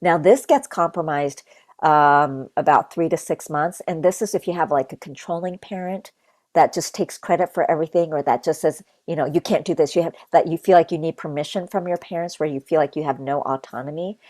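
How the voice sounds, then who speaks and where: A woman's voice: low-pitched, a little fast, a little mellow, no room sound. A young adult woman teaching earnestly in a casual conversational way, repeating key phrases like a mantra and leading a short guided meditation. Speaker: guest spiritual teacher.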